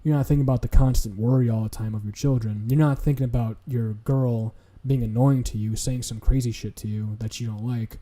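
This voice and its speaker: A man's voice: medium pitch, fairly even intonation, fairly quick, hardly any pauses, mellow. A man streaming, ranting casually in a profane, blunt, lecturing way.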